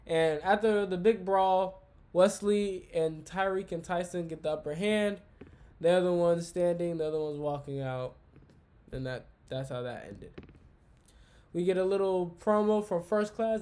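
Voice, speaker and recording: A man's voice: high voice, normal speed. Slangy, profane young man recapping wrestling. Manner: slangy, profane, excitable banter; talks to a live chat. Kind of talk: casual wrestling show recap.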